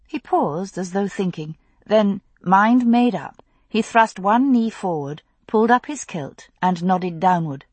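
A woman narrating a novel with intense, expressive storytelling. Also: lowish voice, moderate pace, husky, dry recording. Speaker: audiobook narrator.

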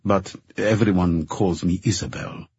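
A man voicing an eager young Brazilian woman who works as a dancer, speaking in a lifted, bright and gentle way with a husky tone. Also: low-pitched, unhurried, full character voice. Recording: dull dry narration recording.

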